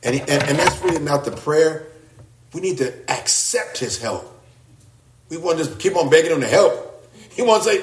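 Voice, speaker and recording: Animated high-voiced preacher, roomy sound. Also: male voice, normal speed, pauses often. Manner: dramatic, swinging between loud exclamations and low, quiet asides; repeats words and restarts phrases. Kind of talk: sermon.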